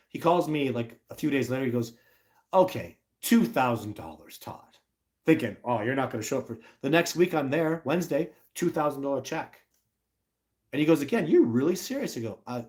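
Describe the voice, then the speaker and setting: A middle-aged man with a voice of ordinary pitch tells a story on a livestream. He rants bluntly and acts out other people's lines in mocking voices. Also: darkish tone. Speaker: livestream host.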